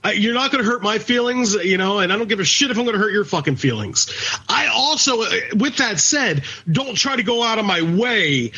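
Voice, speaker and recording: A man's voice: sits high, lively intonation, brisk, bright, forceful tone, husky. A man co-hosting a casual podcast, talking in a blunt, profane rant. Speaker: podcast co-host. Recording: dull lo-fi recording.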